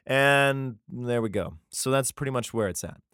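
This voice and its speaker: A man's voice: medium pitch, moderate pace, a bit bright, clean tone, no echo, clean studio sound. A man reading Bible verses aloud in a solemn tone, breaking off for irreverent, profane comic commentary. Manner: mixes solemn archaic reading with crude jokes; laughs often, profane. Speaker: scripture reader and commentator.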